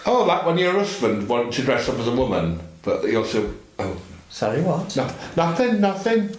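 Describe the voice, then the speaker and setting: A man's voice: medium pitch, very animated, moderate pace, close to an everyday voice. A man voicing blunt, gossiping women characters in a comedy sketch chat. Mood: gossipy. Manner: blunt, gossipy, mock-innocent. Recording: echoey room.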